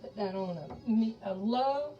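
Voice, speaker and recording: A chatty woman with a Southern American accent, somewhat high-voiced, talks her viewers through a recipe at the stove as y'all. She sounds a little away from the camera's mic, with faint music playing underneath. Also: lively intonation, unhurried, distant mic, lo-fi sound. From Charleston, South Carolina. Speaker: cooking show host. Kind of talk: live cooking demonstration.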